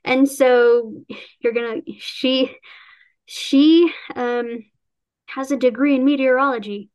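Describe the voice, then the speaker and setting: In a casual chat about her novel, a woman author speaks slowly in a high, slightly mellow voice that is clear and resonant. She laughs frequently, rambles and restarts, and dramatizes the quotes.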